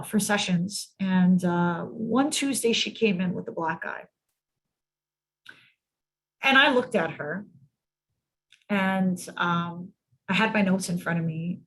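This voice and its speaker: A woman speaks over a video-call mic with a slightly husky, breathy voice, pitched in a middle range. She tells a case story to colleagues in an emphatic way, often doubling words for stress. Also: expressive, takes it slowly, a bit bright. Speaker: mental health clinician presenting to colleagues. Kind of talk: storytelling in a training presentation.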